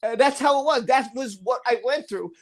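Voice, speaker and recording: A man on a live stream tells a story from his own life in an animated, casual way. He repeats himself and starts sentences over as he goes, and he switches into the voices of the people he is quoting. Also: extremely high pitch, normal speed, a loud crowd. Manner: animated, acts out the dialogue of others in his story; repeats words and restarts sentences while recounting. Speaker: live stream host telling a personal story. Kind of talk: casual first-person storytelling.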